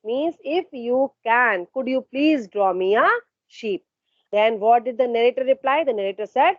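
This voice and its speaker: A woman's voice: a little high, animated, measured pace, dry recording, muffled recording. A woman teacher explaining a story line by line in an online class, asking questions and answering them herself. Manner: asks questions then answers them, paraphrasing and repeating. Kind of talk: online literature lesson.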